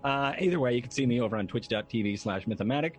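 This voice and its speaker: A man streamer signing off from a show in casual chat, rambling and halting, with many fillers. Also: medium pitch, animated, slightly rough. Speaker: streamer, tabletop game player.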